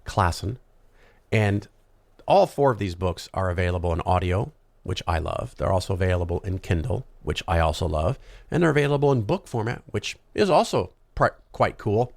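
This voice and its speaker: A man's voice: sits low, animated, normal speed, creaky, no room sound. A male podcast host talking through a casual solo monologue, rambling and conversational with frequent ums and asides.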